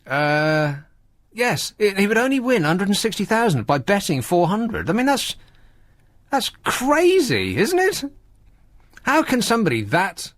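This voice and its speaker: A man's voice: fairly high pitch, fairly bright tone, no room sound. A man hosting a radio show, talking in a casual comic monologue full of sarcastic, mocking asides. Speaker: radio host.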